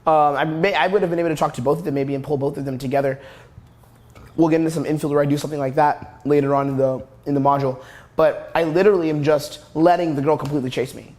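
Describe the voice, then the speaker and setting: A man's voice: a little high, steady tone, fast talker, a little mellow. A young man coaching on dating, talking bluntly and crudely over video footage. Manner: blunt, crude, repeats "literally".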